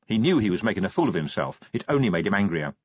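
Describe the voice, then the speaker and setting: A man narrating an audiobook in a steady storytelling manner. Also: lowish voice, fast talker, no room sound, highs cut off. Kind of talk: scripted narration.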